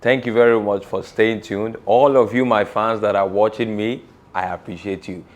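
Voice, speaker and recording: A man with a Nigerian accent presenting a comedic sports news segment, animated and teasing, slipping into Yoruba phrases. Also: lowish voice, normal speed.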